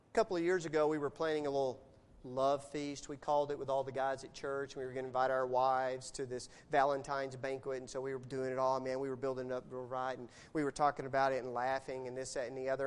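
A middle-aged man preaching a sermon, animated, moving between loud emphasis and quiet asides. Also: mid-range voice. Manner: animated preacher telling a story, shifting loud and soft. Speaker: pastor. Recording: long hall reverb.

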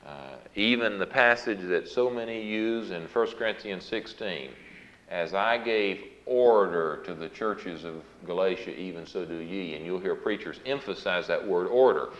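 Deep-voiced guy preaching through bible verses, earnest, dull old echoey recording. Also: a bit bright. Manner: earnest, explanatory, reads scripture aloud with emphasis. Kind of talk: Bible study sermon.

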